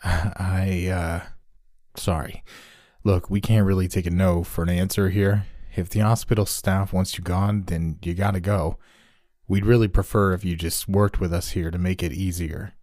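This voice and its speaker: A man's voice: deep voice, little pitch movement, normal speed, darkish tone, no echo, studio quality, lightly acted. A man voicing an easygoing young male patrol officer who talks casually and a little nervously.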